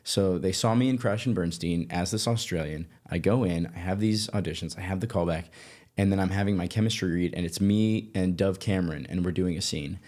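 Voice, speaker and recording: A man from Colorado hosting a podcast, telling stories in a casual, animated way with lots of restarts. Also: low-pitched, brisk. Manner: animated, self-interrupting storyteller. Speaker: podcast host, actor. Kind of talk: casual storytelling chat.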